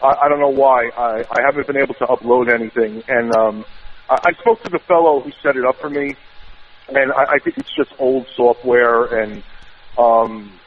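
A man's voice: mid-range voice, normal speed, a little hiss or hum. A man with a New York accent calling in to a radio show, talking hesitantly with many filler sounds. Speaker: caller. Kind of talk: call-in radio chat. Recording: tinny distant phone line.

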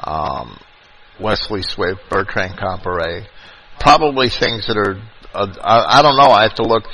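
A man with a New York accent hosting a call-in radio show, talking in a halting way and often repeating his words. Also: fairly low pitch, sharp tone, a little hiss or hum, low-quality recording. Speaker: radio host.

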